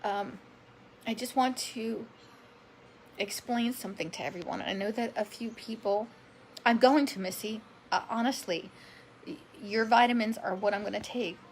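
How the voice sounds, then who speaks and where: A woman's voice: a little high, normal speed, slight background noise, rough recording. A woman in her forties telling her personal story on a live stream, chatty and emotional, greeting viewers by name as she goes. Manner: emotional, self-described drama queen. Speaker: vlogger sharing her health story.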